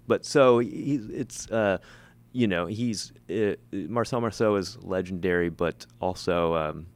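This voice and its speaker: Low-voiced man talking shop as a guest. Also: unhurried. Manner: rambling, self-mocking, many restarts. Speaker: mime performer and teacher, guest. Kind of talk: casual interview chat.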